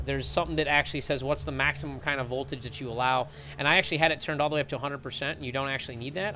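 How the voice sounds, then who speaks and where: A man's voice: medium pitch, pushed and bright, a little hiss or hum. A man casually commentating a video game match on a live stream, joking and rambling, with "like" in every line. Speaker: esports commentator.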